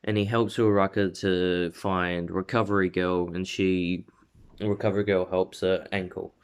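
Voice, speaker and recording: A man with a somewhat low voice casually spins out a fan-made story. He rambles, circles back and corrects himself mid-sentence, stringing events together loosely. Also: level tone, moderate pace, clean tone. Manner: rambling, many fillers and self-corrections. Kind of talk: casual fan-fiction retelling.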